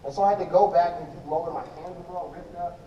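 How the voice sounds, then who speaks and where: A man with a warm, somewhat high voice talks very fast with fairly even intonation, rambling and restarting in loose slang as he answers questions about his drumming from the stage of a large indoor event hall. He's captured from far off, sounding dull and echoey, with slight background noise.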